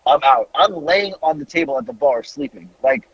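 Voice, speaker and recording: Lively husky man telling a wild story. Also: on the high side, normal speed, no echo, muffled recording. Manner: animated, laughing, swearing freely. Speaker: podcast host. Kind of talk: casual storytelling.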